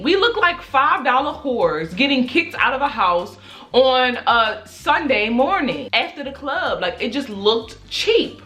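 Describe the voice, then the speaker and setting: A woman's voice: high-pitched, sharp tone. A young woman from Baltimore telling a dramatic, profane story in a storytime vlog. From Baltimore, USA. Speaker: YouTuber.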